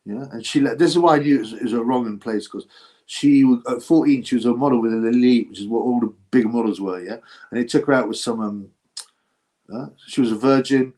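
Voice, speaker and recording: A man's voice: medium pitch, brisk, warm tone. A man hosting a casual livestream about boxing, rambling between topics with many fillers and chuckles. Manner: rambling, chatty, with frequent fillers and laughs. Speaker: boxing channel host.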